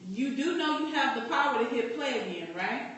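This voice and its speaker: A woman's voice: high-pitched, lively intonation, a little fast, fairly bright tone, slight background noise. A woman life coach giving a direct, encouraging motivational talk to a group. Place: meeting room. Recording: echoey room, distant from mic.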